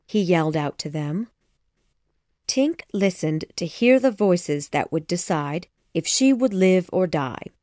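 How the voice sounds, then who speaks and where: Slow, expressive woman narrating. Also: fairly low pitch, dry recording, studio quality. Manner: measured, expressive storytelling. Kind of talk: audiobook narration.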